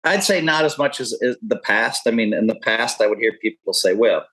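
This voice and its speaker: Podcast guest, man in his fifties, deep-ish, talks in loose candid rambles. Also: expressive, a little fast, a bit bright, slightly rough, low-quality recording. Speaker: podcast guest, poker pro. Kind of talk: casual interview talk.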